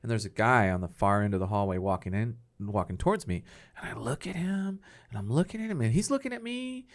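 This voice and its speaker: Male veteran host, casual profane chat, animated pitch. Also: quick pace. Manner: lively, profane reactions.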